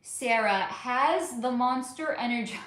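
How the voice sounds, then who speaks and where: A woman's voice: on the high side, unhurried, fairly bright tone, very echoey. A woman hosting a casual livestream, chatting and rambling through viewer questions with many fillers. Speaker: livestream host. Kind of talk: casual livestream chat answering viewer comments.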